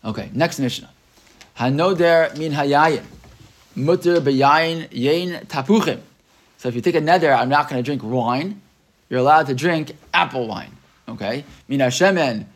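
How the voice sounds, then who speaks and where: A middle-aged man giving a relaxed classroom lecture on a Talmud text. He reads passages aloud and then explains them in plain, chatty English. His voice sits at an ordinary middle pitch, and he keeps tossing "right?" to his students. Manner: conversational, often asks "right?"; mixes Hebrew text reading with English explanation. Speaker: Talmud teacher.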